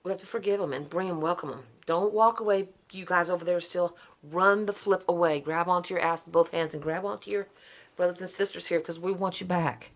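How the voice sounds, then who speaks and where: Earnest low-voiced woman vlogging. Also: brisk. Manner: earnest and emotional, with sighs, laughs and restarts. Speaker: vlogger telling her story. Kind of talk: unscripted personal testimony to camera.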